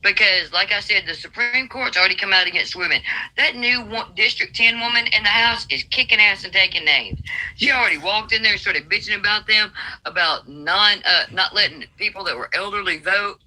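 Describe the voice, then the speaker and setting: Southern woman caller, very bright voice, blunt and folksy. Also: medium pitch, a little fast, poor audio. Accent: Southern American. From Alabama, USA. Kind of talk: political call-in chat.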